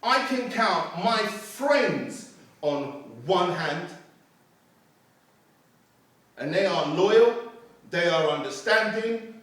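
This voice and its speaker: A man giving a motivational talk to young people, telling stories and acting out the crowd's voices, heard in a hall. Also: fairly high pitch. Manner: storytelling, animated, acts out crowd voices. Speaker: motivational speaker. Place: youth centre hall. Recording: distant mic in an echoey room.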